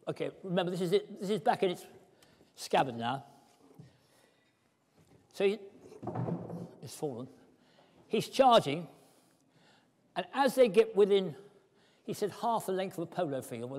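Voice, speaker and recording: An older man giving an animated lecture, acting out the story with props as he tells it. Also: sits high. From Britain. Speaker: speaker at a historical society talk. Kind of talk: lively lecture with demonstrations. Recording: hall reverb.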